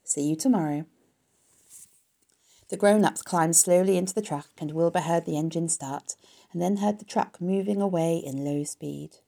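A woman reading a children's storybook aloud in a steady, even narration. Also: on the low side, normal speed, gravelly.

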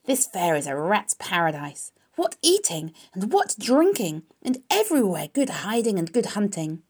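A woman reading a storybook aloud, voicing a sneering, greedy male rat who boasts loudly. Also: medium pitch, very animated, moderate pace, breathy edge, voice pushed up. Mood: gleeful.

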